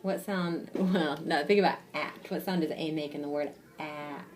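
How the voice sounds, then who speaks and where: A woman reading teacher giving a one-on-one reading lesson to a child, patient and encouraging, sounding out words slowly and asking guiding questions. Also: sits low, fairly even intonation, darkish tone.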